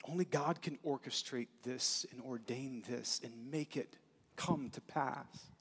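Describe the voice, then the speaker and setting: A man's voice: mid-range voice, unhurried, slightly rough. Earnest man preaching in a reverberant hall. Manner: conversational, earnest, animated asides. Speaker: pastor. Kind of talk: sermon. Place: church sanctuary.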